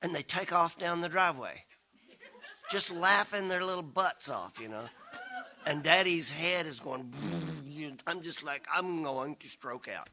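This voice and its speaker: A man's voice: on the high side, measured pace, a crowd in the background. A man, telling rambling, self-deprecating family stories to a congregation and acting out the voices he quotes. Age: 60s. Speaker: guest speaker and folk singer. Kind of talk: storytelling talk to a congregation. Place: spiritual center, broadcast live.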